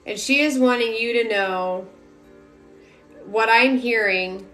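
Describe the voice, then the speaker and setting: A woman's voice: a little high, takes it slowly, fairly bright tone. A young adult woman giving a psychic reading on a live stream, rambling with lots of filler words. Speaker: psychic medium. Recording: roomy echo, faint music behind.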